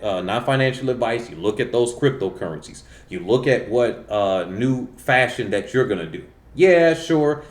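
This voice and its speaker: Rambling, animated man in a roomy space. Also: mid-range voice. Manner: animated, rambling, with many fillers and self-corrections. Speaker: channel host. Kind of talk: casual monologue commentary. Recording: roomy echo.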